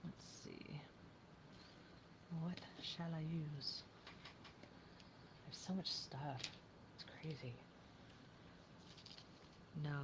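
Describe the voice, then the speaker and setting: A woman's voice: deep voice, drawn-out words, pauses often, noisy background. A woman chatting casually as she works on a craft project, thinking aloud and often dropping to a whisper.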